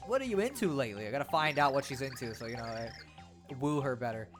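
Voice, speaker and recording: A woman's voice: a bass voice, expressive, faint music behind. A young adult woman streaming a video game, talking casually and swearing freely. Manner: profane, quick, chatty. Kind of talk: casual gameplay commentary.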